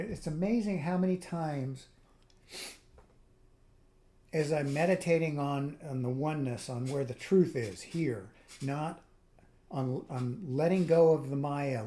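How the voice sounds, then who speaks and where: A man's voice: a little high, mellow. A man hosting his own video, talking through a reflective spiritual monologue in a rambling way, with frequent restarts and trailing asides. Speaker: video host.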